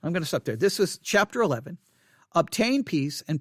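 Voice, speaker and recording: A man hosting an informal devotional study, talking in a halting way and often repeating and correcting himself. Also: on the high side, big pitch swings, breathy edge, no room sound, studio quality.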